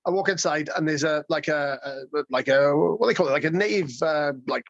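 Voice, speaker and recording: A man guest telling a road-trip story in a casual, excitable way, swearing and rambling with lots of restarts. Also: on the high side, fairly quick, gravelly, no echo, highs cut off.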